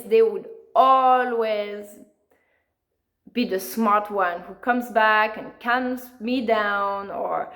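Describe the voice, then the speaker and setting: A woman's voice: medium pitch, a bit bright. A woman, an author being interviewed, talking earnestly in a conversational way with frequent fillers. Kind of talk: conversational storytelling.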